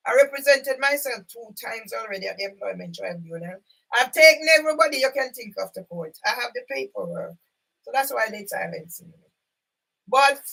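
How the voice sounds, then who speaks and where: An older woman speaking from home in an impassioned, rambling monologue to camera, at times breaking into loud outbursts. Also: sits high. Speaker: vlogger. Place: sitting at home. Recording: voice a bit far from the mic.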